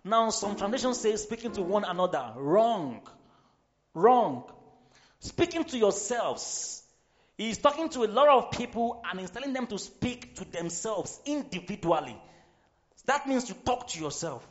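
High-voiced emphatic male preacher. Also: lively intonation, moderate pace. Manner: emphatic, shouts and sings phrases, repeats for effect. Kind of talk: sermon. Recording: slightly dull recording with faint music behind.

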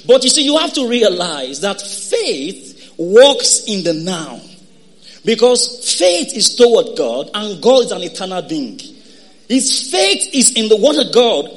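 A male pastor preaching a sermon, calling on the congregation for responses and breaking into shouted exhortations. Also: extremely high pitch.

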